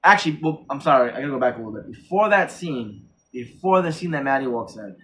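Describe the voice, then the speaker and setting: A man reviewing a horror film in casual chat, retelling the plot excitedly with many restarts and corrections. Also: medium pitch, quick pace, slight background noise.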